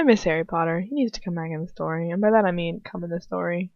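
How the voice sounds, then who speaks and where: A woman's voice: lowish voice, a little fast, no room sound, lo-fi sound. A teenage girl reading aloud and chatting between passages, giggly, rambling and swearing. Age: teens. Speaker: audiobook reader. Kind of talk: casual chat and reading aloud.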